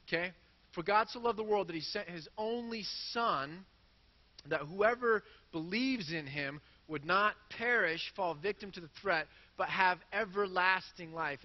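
A man's voice: high voice, big-room sound, muffled recording. A man preaching a sermon in a church, earnest and self-deprecating as he works through quoted scripture. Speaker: pastor.

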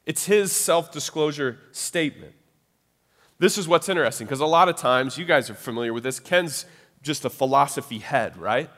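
A man preaching a sermon in a casual, conversational way, often checking in with his listeners with quick tag questions. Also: a little high, a bit bright, long reverb tail.

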